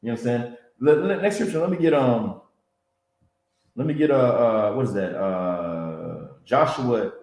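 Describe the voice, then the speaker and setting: A man's voice: mid-range voice, lively intonation, unhurried, darkish tone. A man teaching a Bible class in a preaching style, repeating himself and checking in with "you understand?" and "man.". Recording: roomy echo.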